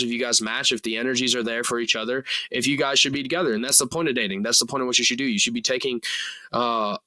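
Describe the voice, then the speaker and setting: Man, twenties, solo podcast host, very bright tense tone, dry close sound, rambling, earnest, lots of fillers. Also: mid-range voice, no room sound, poor audio. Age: 20s. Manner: earnest and rambling, full of "like" and "you know", casual swearing. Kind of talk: casual solo podcast monologue.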